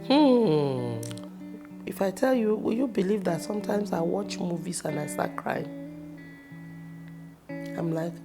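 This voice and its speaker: Expressive Nigerian woman, low gravelly voice. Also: slow, long pauses. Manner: expressive, animated storytelling with sudden loud bursts. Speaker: actress in a personal interview. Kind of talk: casual personal storytelling. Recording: music playing behind the voice.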